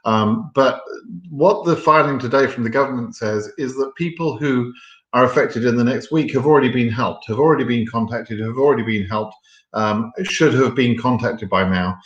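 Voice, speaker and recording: A man's voice: medium pitch, moderate pace, reverberant, dull audio. A man hosting a live question and answer stream, reading viewer questions and answering them frankly, with many ums and restarts. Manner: frank and blunt, reads viewer questions aloud then answers.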